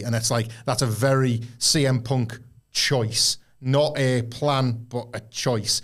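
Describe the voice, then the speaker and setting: A man's voice: mid-range voice, fairly even intonation, measured pace, a bit bright. A man co-hosting a wrestling podcast, talking in a loose, rambling way, breaking off mid-thought and acting out quoted lines. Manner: rambling, self-interrupting, acts out quotes. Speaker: podcast co-host. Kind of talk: casual podcast chat.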